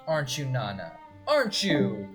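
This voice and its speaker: A game master voicing a carefree young man with a relaxed, chummy manner who coos at his animal companion. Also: medium pitch, normal speed, faint music behind. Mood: breezy.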